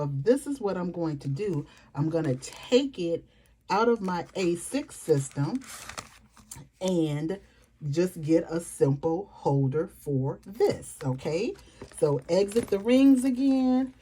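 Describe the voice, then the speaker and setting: A middle-aged woman, chatting excitedly and fast to her viewers in a home vlog, calling them y'all. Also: deep voice. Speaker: planner vlogger. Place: home desk.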